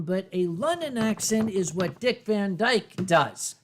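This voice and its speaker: High-voiced American man hosting a stream. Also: animated, takes it slowly. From North Carolina. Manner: boisterous, swearing, tipsy banter. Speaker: stream host. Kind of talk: casual livestream chat, reading chat messages.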